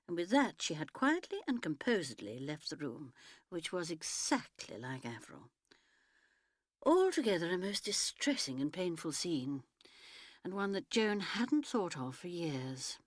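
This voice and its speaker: Low-voiced, expressive woman narrating. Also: dry recording, clean studio sound. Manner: expressive, measured reading. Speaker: audiobook narrator. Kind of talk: scripted audiobook narration.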